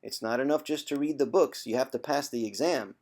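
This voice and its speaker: A man, a former chronic pain sufferer, talking straight to camera in a vlog with an emphatic, teasing tough-love delivery, clearing his throat now and then. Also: medium pitch, a little fast, a little mellow. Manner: conversational, with frequent throat clearing. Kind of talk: direct-to-camera vlog monologue.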